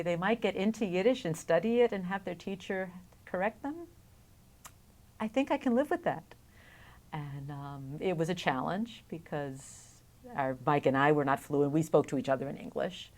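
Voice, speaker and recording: Middle-aged woman, low voice, wry reflective storyteller, oral history interviewee. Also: normal speed, darkish tone.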